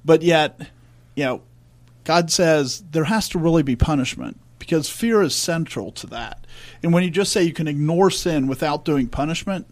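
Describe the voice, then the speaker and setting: Earnest man with a higher voice. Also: lively intonation, moderate pace. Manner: earnest, emphatic, reads scripture aloud. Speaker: podcast co-host. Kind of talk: church discussion podcast.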